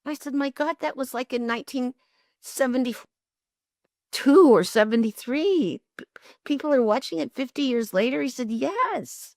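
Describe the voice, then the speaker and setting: Older woman guest, expressive and lively anecdote teller, fairly high voice, dry recording. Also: moderate pace, dry recording. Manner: lively, expressive storyteller, laughs often. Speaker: interview guest. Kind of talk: animated storytelling.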